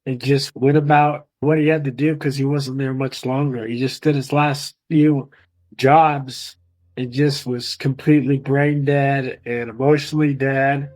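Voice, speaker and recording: A man's voice: mid-range voice, little pitch movement, a little slow, a little mellow, rough recording. A man recounting his father's story in a casual, emotional way as an interviewee. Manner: emotional, retelling intensely. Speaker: interviewee, son of the subject.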